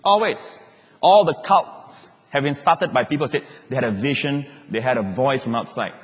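A male pastor preaches in a lively, storytelling way, slipping into the voices of the people in his stories. His voice sits at an ordinary middle pitch, and a long reverb trails behind him as it would in a big church hall. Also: normal speed. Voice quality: animated, acts out quoted voices, laughs as he talks. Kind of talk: sermon with personal storytelling.

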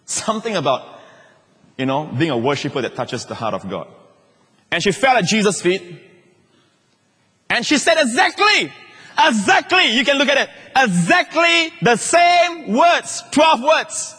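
A man preaching a sermon as pastor, swinging from excited emphasis down to soft, low asides. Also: measured pace, big-room sound.

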